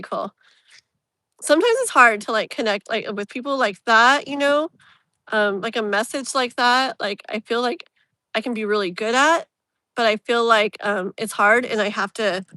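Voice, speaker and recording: Bright, chatty woman reading tarot. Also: fairly high pitch, no echo. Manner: rambling, filler-heavy, emotionally open. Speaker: tarot reader, live stream host. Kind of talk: casual live tarot reading.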